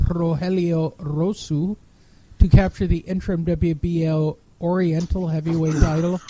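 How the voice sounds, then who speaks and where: Sarcastic high-voiced man mocking typos. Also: a little mellow, dry recording, low-quality recording. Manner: sarcastic, profane, mocks typos. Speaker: podcast host. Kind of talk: casual chat, reading an article aloud.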